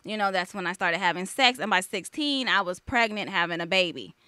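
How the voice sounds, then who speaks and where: A woman's voice: medium pitch, expressive, brisk, pushed and bright, clear, resonant tone, dry recording. A woman hosting a talk radio show, telling personal stories candidly in a casual chat. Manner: candid, emotional personal storytelling. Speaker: host. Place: studio.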